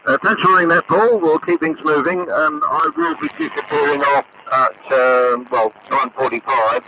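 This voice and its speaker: A man's voice: on the high side, expressive, moderate pace. A man on an amateur radio net, talking hesitantly with many fillers as he hands over. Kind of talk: casual radio net chat. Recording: noisy muffled AM shortwave reception.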